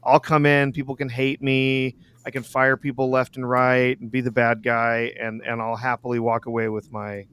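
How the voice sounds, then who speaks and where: A man hosting a live pop culture show, chatting in a relaxed, joking way. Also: medium pitch, moderate pace, hardly any pauses, clear, resonant tone. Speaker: host. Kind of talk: casual live-stream chat.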